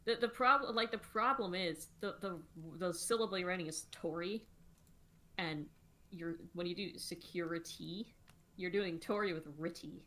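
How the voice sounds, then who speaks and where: A woman's voice: on the low side, normal speed, sharp tone. A woman co-hosting a casual livestream, explaining lyric meter and rhyme in detail. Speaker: songwriter co-host.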